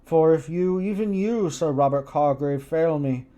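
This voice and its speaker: A man's voice: on the high side, measured pace, mellow, dull audio, natural voice. A man voicing a bitter, hopeless nobleman in a gothic storybook reading, pleading with intensity. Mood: desperate.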